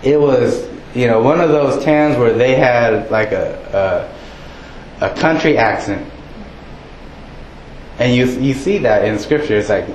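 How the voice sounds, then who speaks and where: Slow-talking man preaching in an echoey church. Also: mid-range voice, darkish tone, slight background noise. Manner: conversational, acts out townsfolk in raised voice. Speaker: pastor. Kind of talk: sermon.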